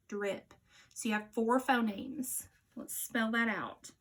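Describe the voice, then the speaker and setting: A woman teaching children a phonics lesson, giving slow, clear, patient instructions and dropping to a quiet voice for the answers. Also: on the high side, fairly even intonation.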